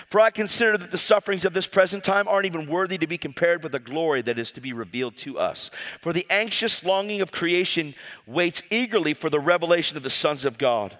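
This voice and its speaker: A man preaching a sermon, reading scripture and telling stories with fervent swings from loud cries to quiet asides. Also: a little high, expressive, quick pace. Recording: long hall reverb.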